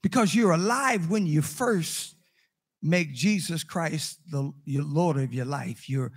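Gravelly older male preacher telling stories. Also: a little high, slow pace. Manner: storytelling, swings from loud exclamations to hushed asides. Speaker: pastor. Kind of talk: sermon.

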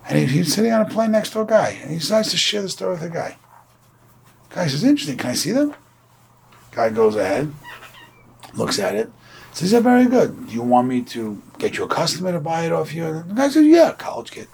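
A man's voice: fairly high pitch, brisk, gravelly, slight background noise. A man from Brooklyn giving an informal Torah lecture, telling stories in a conversational way and acting out the people he quotes. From Brooklyn, New York. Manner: conversational, storytelling with animated quoted voices. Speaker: Torah class teacher.

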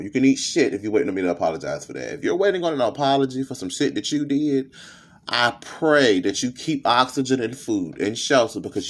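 A man's voice: medium pitch, sing-song, brisk, breathy edge. A young man with a lisp, hosting a candid, profane personal podcast monologue. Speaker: podcast host.

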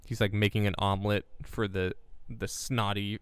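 Rambling young man with a gravelly low voice. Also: little pitch movement, normal speed, dry recording. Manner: rambling, lots of fillers and restarts. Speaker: podcast co-host. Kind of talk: casual chat.

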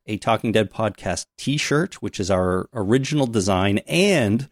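A man from Canada, hosting a casual, joking podcast chat with filler pauses. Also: on the low side, animated, no echo, studio quality. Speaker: podcast host.

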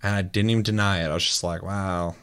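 A man's voice: lowish voice, steady tone, very fast, fairly bright tone, smooth. A man hosting a casual chat show, telling a gaming story with laughs and swearing. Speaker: podcast host.

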